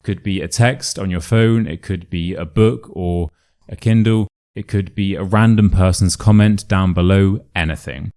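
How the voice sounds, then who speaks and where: A man with a Modern RP British accent teaching a pronunciation lesson, speaking clearly and with careful enunciation in an upbeat coaching manner. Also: deep voice, fairly even intonation, moderate pace, warm tone.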